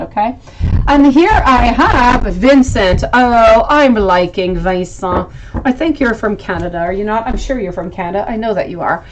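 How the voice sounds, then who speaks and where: A tarot reader hosting a livestream chats with viewers, calling them sweetie and thinking aloud as she lays out the cards. Her mid-range voice is affectionate, and there's a bit of background noise.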